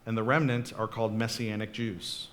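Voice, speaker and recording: A man's voice: lowish voice, little pitch movement, normal speed, a bit bright. A man preaching a casual, conversational sermon as pastor, often checking in with the congregation. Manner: chatty, checks in often with "okay?" and "right?".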